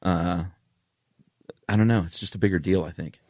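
A man's voice: deep voice, steady tone, normal speed, darkish tone, dry recording. A man, co-hosting a casual podcast chat, laid-back and enthusiastic, who laughs often. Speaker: podcast co-host.

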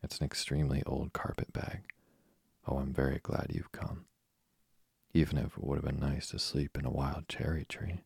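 A man reading aloud as a talkative, imaginative young orphan girl, in his own very deep voice. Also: level tone, moderate pace, creaky, darkish tone, slightly rough, no room sound, clean studio sound, exaggerated voice. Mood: eager. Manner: breathless eager chatter. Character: chatty imaginative orphan girl, about eleven.

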